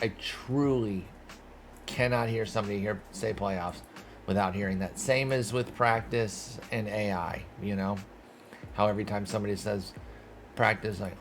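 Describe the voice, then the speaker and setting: A young man giving casual gameplay commentary, talking to himself and the game with exasperated, profane bursts of mock outrage. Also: fairly low pitch. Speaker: gaming streamer.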